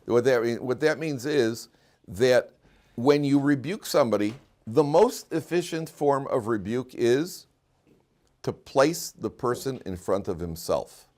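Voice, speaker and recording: A man's voice: medium pitch, unhurried, a little mellow. A man, a rabbi, giving an informal Torah class to listeners, joking and often restarting his sentences. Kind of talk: conversational Torah lecture with stories.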